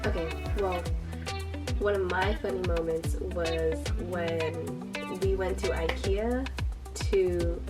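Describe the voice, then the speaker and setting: A woman's voice: fairly low pitch, fairly even intonation, takes it slowly, recorded from a distance. A young woman telling a funny family story in a casual chat with her sister, laughing often and acting out quotes. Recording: voice a bit off-mic with background music.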